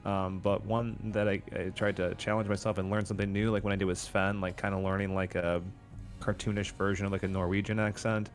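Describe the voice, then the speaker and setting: Male co-host, low voice, animated casual talk, light music bed. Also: brisk. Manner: animated, slips into character voices mid-sentence. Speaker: podcast co-host and tabletop player. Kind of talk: casual chat about role-playing.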